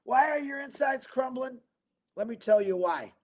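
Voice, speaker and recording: High-voiced man giving a rambling pep talk. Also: normal speed. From Michigan. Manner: rambling, energetic, preachy. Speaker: livestream host. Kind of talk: motivational livestream talk.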